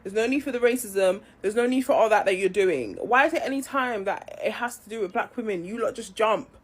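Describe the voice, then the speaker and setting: A woman's voice: medium pitch, a little fast, husky. A woman ranting in exasperation, scolding online haters. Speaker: commentator. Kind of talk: ranting commentary.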